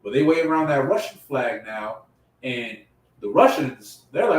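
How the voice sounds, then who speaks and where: A man preaching a sermon in casual slang, growing impassioned and loud at his emphatic peaks. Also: mid-range voice, animated, measured pace. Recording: echoey room from far off.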